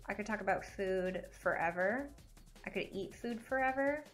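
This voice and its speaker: A young woman chatting casually while streaming a puzzle game, giggly and animated. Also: mid-range voice, moderate pace, soft background music. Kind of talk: casual gaming stream chat.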